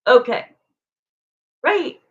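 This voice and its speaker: A woman's voice: drawn-out words, dull audio. A woman tarot reader chatting casually and frankly with viewers on a livestream.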